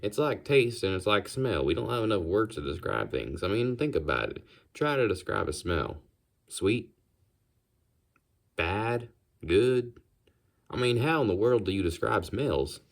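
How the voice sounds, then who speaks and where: A goofy, rambling talker with a put-on Southern drawl, done by a man. His voice sits deep and low as he muses aloud and wanders from thought to thought. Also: very animated, unhurried, gravelly, heavily acted. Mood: musing. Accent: put-on American Southern.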